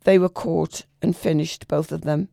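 Gravelly woman reading a literary story. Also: deep voice, dry recording, clean studio sound. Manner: measured, expressive storytelling. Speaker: reader.

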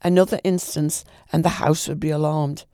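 A man reading a classic novel aloud at an unhurried pace, stumbling and restarting now and then. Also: a little high, fairly even intonation, dark tone, no room sound, clean studio sound. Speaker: reader.

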